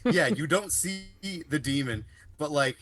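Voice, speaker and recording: A man's voice: a little high, animated, measured pace, a bit bright. A man co-hosting a podcast, rambling through a story with lots of fillers and casual swearing. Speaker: podcast co-host. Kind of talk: casual chat.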